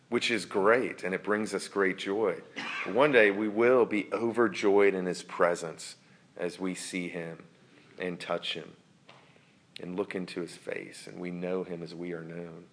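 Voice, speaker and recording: A man preaching a sermon in an earnest, reflective way, sometimes dropping to a soft near-whisper for emphasis. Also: sits low. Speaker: pastor.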